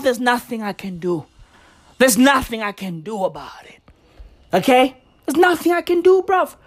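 A woman's voice: a little high, big pitch swings, measured pace, pauses often. A woman hosting a solo podcast, ranting in a profane, exasperated way full of slang. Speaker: podcast host. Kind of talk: casual solo podcast rant.

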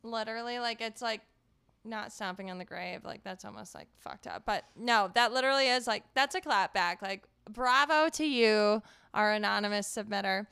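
A young woman in her twenties co-hosts a chatty podcast. Her voice is bright, smooth and clear on a dry, close mic, with plenty of "like", laughter and swearing. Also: medium pitch, normal speed, no echo. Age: 20s. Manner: profane, laughing, filler-heavy. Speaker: podcast co-host. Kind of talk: casual chat.

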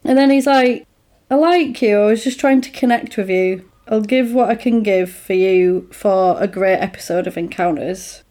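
A woman chatting casually, retelling a film plot and acting out the characters' lines in an animated way. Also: medium pitch, normal speed.

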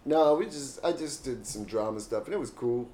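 A man's voice: medium pitch, animated, normal speed, warm tone. A man co-hosting a podcast, trading crude jokes and laughing often. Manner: joking, laughing often, mocking voices. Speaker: podcast co-host. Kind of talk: crude casual banter.

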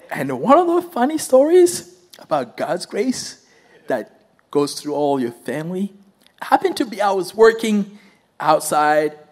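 A man preaches with a high voice that leaps up and down, telling a story straight to the congregation. He laughs easily as he talks and keeps asking the room for answers. The delivery is animated and sermon-like.

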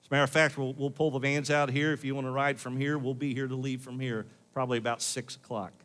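A man's voice: mid-range voice, level tone, fast, fairly bright tone. A male pastor preaching a sermon in church, building to pleading questions.

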